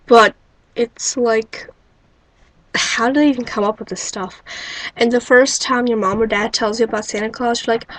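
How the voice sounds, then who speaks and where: Woman, webcam vlogger, slightly high voice, wry rambling with endless rhetorical questions. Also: fairly even intonation, a little slow, slight background noise, rough recording. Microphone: built-in webcam mic.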